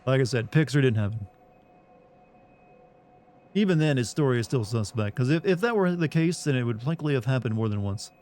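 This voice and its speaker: A man's voice: mid-range voice, expressive, fairly quick, long pauses, a little mellow. A man streaming a game who argues with his chat in a casual, sarcastic way, swearing freely and sounding incredulous.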